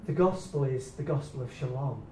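A man preaching a sermon, swinging between loud excited bursts and quiet hushed lines. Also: mid-range voice, moderate pace, recorded from a distance, slight background noise. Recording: echoey room, speaker away from the mic.

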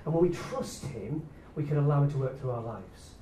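A man preaching a sermon, swinging between loud excited bursts and quiet hushed lines. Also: medium pitch, brisk, recorded from a distance, background noise. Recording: echoey room, speaker away from the mic.

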